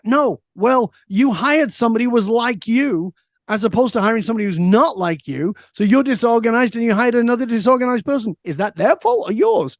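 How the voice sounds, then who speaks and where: A middle-aged man, a guest on an interview, telling stories in a lively way and answering his own questions. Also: high-pitched, a little fast, dry recording, studio quality. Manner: lively storyteller who asks himself questions and answers them. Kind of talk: storytelling in a conversational interview.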